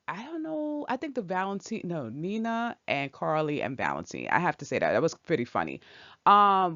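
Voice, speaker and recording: Woman host, opinionated and chatty, low-set but very animated delivery, dry muffled recording. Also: no echo. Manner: chatty and opinionated, talks back at the characters. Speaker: channel host. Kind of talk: casual soap opera recap. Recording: dull lo-fi, dry sound.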